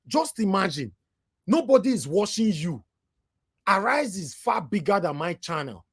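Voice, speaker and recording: Scornful Nigerian live-stream commentator, husky. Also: male voice, high voice, very animated, a little slow, a bit bright, dry recording, studio quality. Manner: scornful, uses Pidgin asides.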